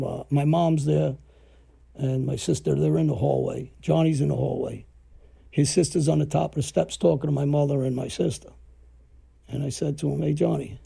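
A man spins a casual story. His voice is extremely gravelly, deep in tone and very dark, and he slips into the voices of the people he quotes as the tale rambles on. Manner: rambling, acts out quoted dialogue. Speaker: podcast storyteller.

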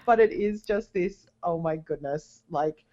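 A woman's voice: on the low side, measured pace, warm tone, lo-fi sound. A woman co-hosting a podcast, chatting casually and often agreeing with her co-host. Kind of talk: casual chat.

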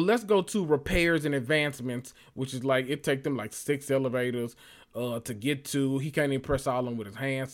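A man recapping a TV episode in a sassy, animated and profane casual reaction. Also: mid-range voice. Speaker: recap vlogger.

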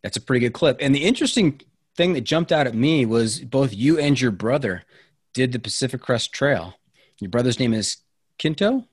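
A man's voice: mid-range voice, animated, moderate pace, husky, no room sound, clean studio sound. A man hosting a podcast interview, asking questions in a friendly, joking way and playing along with his guest. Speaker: podcast host. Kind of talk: casual interview chat.

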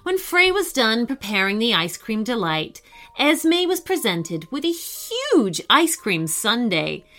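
Lively, bright-voiced woman telling a kids' story. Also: a little high, slow pace, faint music behind. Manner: lively, expressive reading. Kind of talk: children's story narration.

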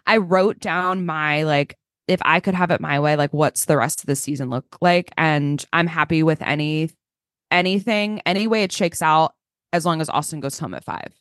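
Lower-voiced chatty podcast woman. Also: moderate pace, a bit bright, no echo, studio quality. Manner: filler-heavy, says "like" constantly. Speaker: podcast co-host. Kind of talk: casual chat.

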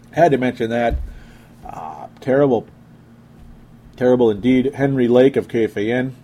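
A man's voice: mid-range voice, a little mellow. A young man hosting a casual sports talk show, reading listener comments aloud and joking around. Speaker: sports podcast host.

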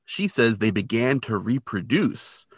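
A man's voice: lowish voice, measured pace, slightly rough, no room sound, clean studio sound. A man co-hosting a podcast, retelling a TV episode in casual chat and slipping into quoted lines. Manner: animated retelling with quoted voices. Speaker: podcast co-host recapping a TV episode.

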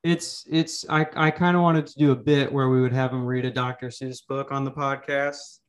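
A man's voice: medium pitch, level tone, normal speed. A man hosting a podcast, chatting casually and crudely, rambling with jokes and restarts. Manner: rambling, joking, frequent restarts. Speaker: podcast host. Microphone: remote call mic.

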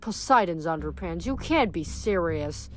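A woman's voice: fairly low pitch, lively intonation, unhurried, soft background music. A woman voicing a cocky teenage boy who scoffs and wisecracks casually. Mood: scoffing.

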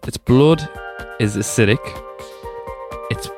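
A man's voice: mid-range voice, slow pace, music in the background. A young man co-hosting a podcast in casual chat, rambling and joking with lots of fillers. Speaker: podcast co-host.

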